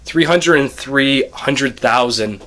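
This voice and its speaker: A young man co-hosts a podcast in casual chat, his mid-range voice slightly bright. He's talkative, explaining things at length and quickly restarting his sentences again and again.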